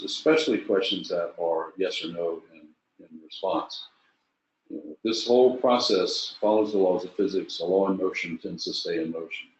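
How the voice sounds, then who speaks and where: Deep-voiced man coaching in an echoey room. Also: darkish tone. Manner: thoughtful, halting, frequent fillers and restarts. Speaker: leadership coach. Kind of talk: webinar presentation. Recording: echoey, dull lo-fi webinar audio.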